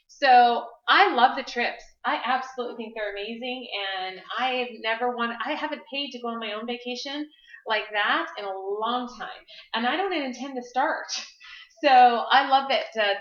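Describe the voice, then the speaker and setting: A chatty woman tells personal stories to a small meeting room, laughing as she goes. Her voice is bright and a little high. The sound is echoey and dull, like a lo-fi live stream. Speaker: network marketing presenter.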